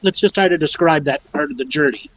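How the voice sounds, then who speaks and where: A man's voice: fairly high pitch, fast talker, dry recording, low-quality recording. A man hosting and teaching on a spiritual talk show, directive and emphatic, often checking in with okay. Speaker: host and teacher. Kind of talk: guiding spiritual discussion.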